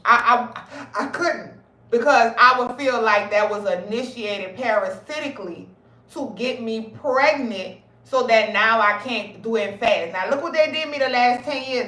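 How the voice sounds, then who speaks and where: A woman's voice: on the high side, roomy sound, recorded from a distance, poor audio. A woman ranting bluntly and with lots of swearing in a casual livestream talk. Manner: profane, blunt, animated, talks fast and heated. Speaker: health advocate streamer. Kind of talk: casual live-stream rant.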